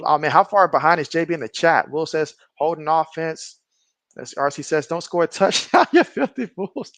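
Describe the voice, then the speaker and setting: Dude on a live sports stream, high voice, dry close mic, reads chat comments out loud, gets hyped on big plays. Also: male voice, normal speed, no echo. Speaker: live stream host doing play-by-play.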